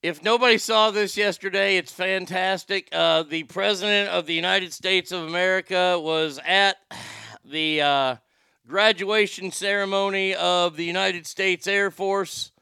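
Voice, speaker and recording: A man hosting a livestream in a rambling, profane way, his voice a little higher than most men's and edged with gravelly fry. It comes across bright and crisp, recorded close and dry. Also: steady tone, a little slow, no room sound. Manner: rambling and profane, with frequent restarts. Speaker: livestream host reading viewer chat. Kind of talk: casual livestream chat.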